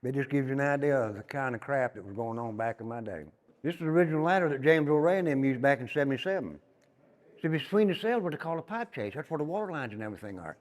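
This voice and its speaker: An older man with a Tennessee Southern accent, a former inmate telling stories as he guides a tour through an old prison, emphatic and dropping to a low murmur on his repeated asides. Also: lively intonation, quick pace. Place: inside an old prison building. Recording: long reverb in hard rooms.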